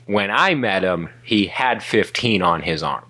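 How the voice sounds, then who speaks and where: A man's voice: low voice, animated, measured pace, sharp tone. Teasing man cutting into a story. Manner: teasing interjections, sarcastic asides. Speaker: co-host. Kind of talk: casual chat.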